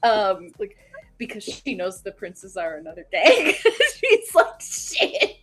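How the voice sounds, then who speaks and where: A woman player in a tabletop game, chatting giggly and animated about her character. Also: mid-range voice, slow pace. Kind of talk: casual chat in a tabletop game.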